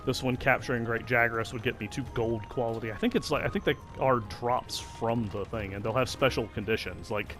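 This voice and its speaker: A man's voice: medium pitch, brisk, hardly any pauses, over music. A man casually commenting on his video game session, chatty and self-deprecating. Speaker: let's play host.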